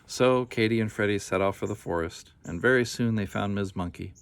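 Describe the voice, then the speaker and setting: A man reading a children's picture book aloud in a gentle, unhurried way, with casual asides. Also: fairly low pitch, vocal fry, smooth, no echo.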